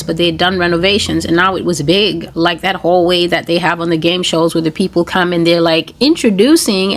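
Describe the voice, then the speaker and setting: Woman slowly recounting dreams. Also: lowish voice. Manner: slow, deliberate, rambling storytelling. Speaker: online broadcaster.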